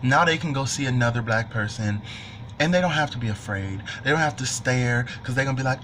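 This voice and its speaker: A young man telling a personal story to camera in an animated, joking, profane way. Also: mid-range voice, a little fast, a little hiss or hum. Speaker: vlogger. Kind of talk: storytime monologue.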